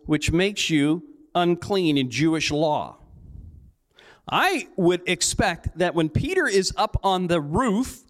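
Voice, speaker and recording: Man, lead pastor. High, lively preacher who acts out joking dialogue in his sermon. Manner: storytelling with playful acted-out dialogue and jokes.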